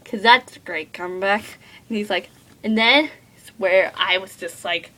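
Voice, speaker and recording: A woman's voice: mid-range voice, moderate pace, pushed and bright, rough recording. A teenage girl reviewing a book at home in a rambling, gushing way, full of filler words. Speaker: book vlogger.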